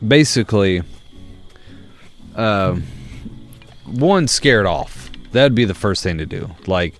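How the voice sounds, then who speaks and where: A man's voice: lowish voice, slow pace, faint music behind. A young man, co-hosting a podcast in casual chat and telling stories with plenty of swearing. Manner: animated storyteller, swears freely. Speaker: podcast co-host.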